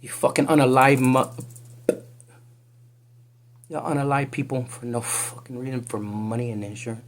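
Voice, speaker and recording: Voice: mid-range voice, flat delivery, moderate pace, long pauses. A psychic reader doing a casual spiritual reading vlog, talking in a profane, confrontational and rambling way.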